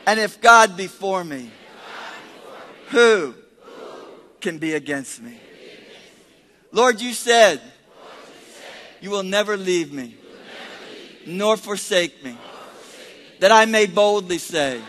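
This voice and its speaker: A man preaching as pastor, leading a congregation in call-and-response and swinging between shouted praise and quiet prayer. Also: high-pitched, expressive, slow, pauses often. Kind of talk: sermon.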